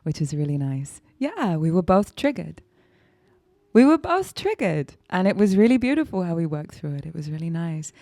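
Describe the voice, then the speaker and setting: A woman co-hosting a casual podcast, talking in a soft, reflective, heartfelt way. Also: low-pitched, very animated, brisk, hardly any pauses, no echo, studio quality. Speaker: podcast co-host.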